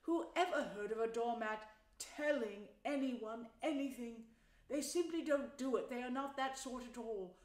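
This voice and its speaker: A woman's voice: sits high, moderate pace, pitched above the performer's own voice, natural voice. Woman doing a fussy, grumpy mole. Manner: complaining and prim. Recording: roomy echo.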